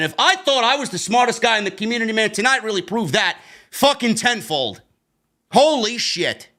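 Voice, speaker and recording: A man's voice: high voice, bright, forceful tone. A man reviewing a wrestling show in a profane, combative rant with a New York accent, full of sarcastic asides. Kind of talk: ranting solo review.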